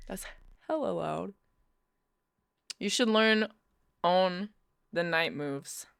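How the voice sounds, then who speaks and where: A woman's voice: fairly low pitch, drawn-out words, gravelly, a bit bright, clean tone, no echo, clean studio sound. A young woman chatting casually with her live-stream audience, playful and teasing, laughing often. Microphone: Bluetooth headphones.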